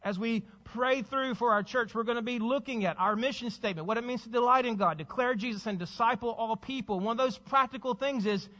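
A man's voice: very high-pitched, brisk, hardly any pauses, a bit bright, long reverb tail, highs cut off. A man preaching a sermon as pastor, urging his congregation with repeated rhetorical questions.

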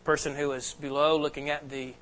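A man's voice: fairly high pitch, level tone, a little fast, a bit bright, slight background noise, rough recording. A pastor giving an earnest, emphatic sermon to his congregation in a church. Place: church sanctuary.

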